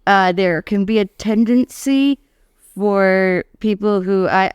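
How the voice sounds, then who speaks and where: A woman's voice: medium pitch, a little mellow, clean tone, dry recording, clean studio sound. A woman guesting on a podcast, chatting casually about an old horror film and laughing as she talks. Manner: chatty, laughs while talking.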